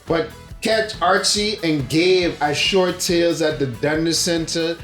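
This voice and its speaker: A man co-hosting a podcast in casual chat, laid-back and quick to laugh. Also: fairly high pitch, a bit bright, faint music behind. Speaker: podcast co-host. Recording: roomy echo.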